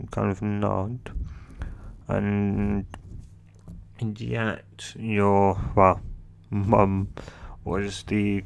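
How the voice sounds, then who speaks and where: Man, gravelly voice, flat delivery, rambling improvised storyteller. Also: lowish voice. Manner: rambling, halting, with restarts and chuckles. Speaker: fan fiction narrator.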